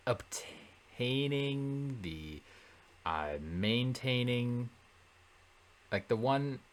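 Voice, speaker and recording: A man working through a Latin translation in a relaxed lesson, thinking aloud with many fillers and self-corrections. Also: on the low side. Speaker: Latin tutor. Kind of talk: casual translation walkthrough.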